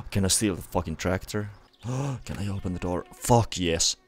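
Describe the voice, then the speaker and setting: A young man with a Finnish accent doing let's play commentary, excitable and swearing often at the game. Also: deep voice, a little slow, creaky, slightly rough. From Finland. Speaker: gaming youtuber.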